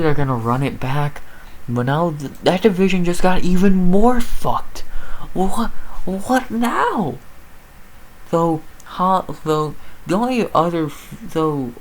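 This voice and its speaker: A woman giving a profane, exasperated rant about a fight result, talking with loud disbelief and constant swearing. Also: rumbling low, a little hiss or hum, poor audio. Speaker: MMA commentator. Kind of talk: sports recap rant.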